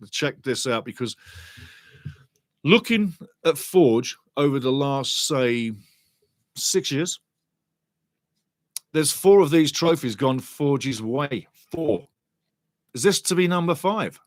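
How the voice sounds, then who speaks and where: A man's voice: fairly high pitch, no room sound. A man hosting a live football watchalong, talking in an enthusiastic, chatty way and often repeating himself for emphasis. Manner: enthusiastic, repetitive, chatty, addresses the chat directly. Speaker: watchalong host. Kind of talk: live pre-match football commentary.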